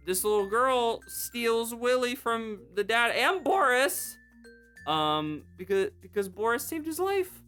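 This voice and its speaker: A young man hosting a comedic commentary video, recapping things with sarcastic, deadpan asides. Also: high-pitched, a little slow, smooth, soft background music.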